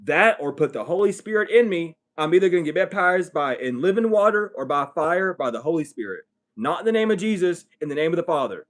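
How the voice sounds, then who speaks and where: A man's voice: fairly high pitch, expressive, brisk. Blunt, profane man ranting. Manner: blunt, profane, rising to heated outbursts. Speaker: livestream host. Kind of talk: casual late-night monologue.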